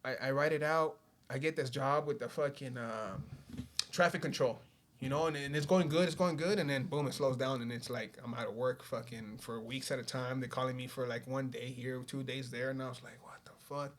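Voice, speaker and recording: A man's voice: mid-range voice, fairly even intonation, brisk. A man, telling his life story on a podcast in a laid-back way, swearing often and saying "you know" a lot. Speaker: podcast guest. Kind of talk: casual storytelling.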